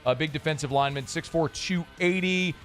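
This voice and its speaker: A man's voice: on the high side, brisk, soft background music. A man hosting a sports radio show, talking loosely and reading sponsor spots. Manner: chatty, loose, folksy. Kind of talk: casual sports radio talk and live reads.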